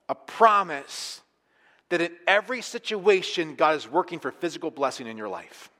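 A man preaching a sermon as pastor, talking conversationally and with emphasis, sometimes falling to a quiet, intense tone. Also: a little high, sing-song, normal speed, in a large hall.

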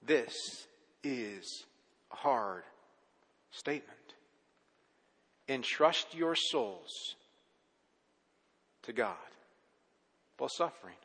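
A man's voice: medium pitch, animated, drawn-out words, long pauses, fairly bright tone, breathy edge, big-room sound. A man preaching a sermon as a pastor, talking conversationally with rhetorical questions and restarting words when he gets going.

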